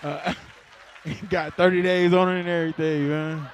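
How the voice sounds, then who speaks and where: A man's voice: fairly high pitch, flat delivery, unhurried, a little hiss or hum. A young adult man performing stand-up comedy. He talks in a laid-back way and keeps laughing at his own jokes.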